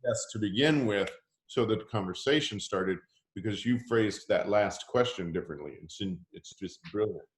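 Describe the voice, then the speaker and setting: A man's voice: on the low side, animated, moderate pace. A man hosting a team call, rambling casually with many restarts and "you know". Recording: echoey room sound.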